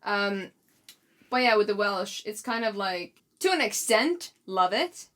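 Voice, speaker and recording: A woman co-hosting a podcast in casual chat, animated, acting out quotes and laughing often. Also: medium pitch, measured pace. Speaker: podcast co-host.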